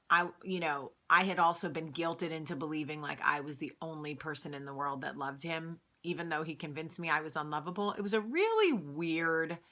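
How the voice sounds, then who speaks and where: A vlog host in her late thirties chats candidly and casually, using lots of fillers. Her voice sits low and has a sharp tone.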